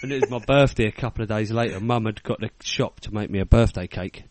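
A man's voice: lowish voice, fast talker, a little mellow, slight background noise. A British man in his thirties telling a funny story on a casual podcast, swearing freely and acting out the people in it. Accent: British English. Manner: swearing, laughing storyteller, acts out quotes. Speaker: podcast co-host.

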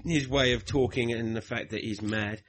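A man's voice: mid-range voice, fairly even intonation, normal speed, a little hiss or hum. A man co-hosting a podcast, chatting casually with frequent laughs and hesitations. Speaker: podcast co-host. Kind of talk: casual chat.

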